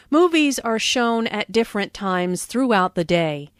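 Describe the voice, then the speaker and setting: Woman with slow, expressive teaching voice. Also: medium pitch, dry recording, studio quality. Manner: slow, clear, careful enunciation. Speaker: language lesson narrator. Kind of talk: scripted lesson narration and dialogue reading.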